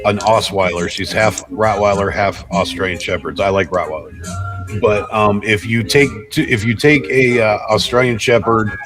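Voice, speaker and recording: A man with a fairly low voice tells a story on a live panel in a calm, rambling way, often restarting his sentences. Music plays clearly in the background. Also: moderate pace. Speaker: panel guest.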